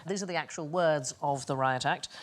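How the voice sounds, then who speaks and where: A woman's voice: low-pitched, moderate pace. A woman hosting a quiz show, telling odd facts in a wry, chuckling way in a studio. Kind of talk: lively anecdotal presenting. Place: TV studio with audience.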